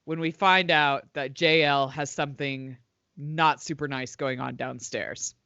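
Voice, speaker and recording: A woman co-hosting a casual podcast, sweary and quick to chime in with agreement. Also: rumbling low, fairly even intonation, pushed and bright, no room sound, muffled recording. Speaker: podcast co-host. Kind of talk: casual chat.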